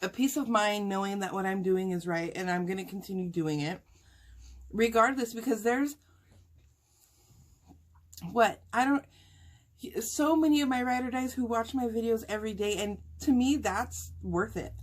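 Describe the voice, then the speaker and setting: A mukbang vlogger eats as she talks to her viewers, casual and heartfelt, sometimes emotional and sighing, speaking with food in her mouth. Her voice is medium-pitched, her pace moderate, and she pauses often.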